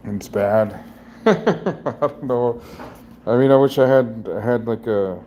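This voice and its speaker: A middle-aged man in a personal vlog, talking in a halting, rambling way with many restarts, emotionally raw and near tears. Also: mid-range voice, mellow, slight background noise. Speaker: vlogger.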